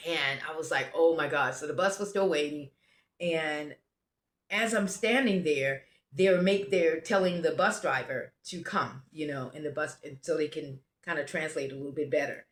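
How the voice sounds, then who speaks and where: A woman's voice: sits low, moderate pace. An American woman telling a travel story casually, rambling and often restarting her sentences. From United States. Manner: rambling, self-interrupting, restarts. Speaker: travel vlogger. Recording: roomy echo.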